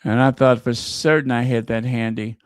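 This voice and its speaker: A man's voice: mid-range voice, steady tone, normal speed, clear, resonant tone, dry recording, studio quality. A man hosting a gossip channel, chatting casually and muttering to himself as he searches for something and stumbles over words. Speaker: royal gossip channel host. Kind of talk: casual chat.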